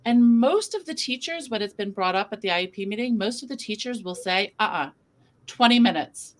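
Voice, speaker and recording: A woman hosting a conversational interview, explaining things briskly as an education lawyer. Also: mid-range voice, expressive.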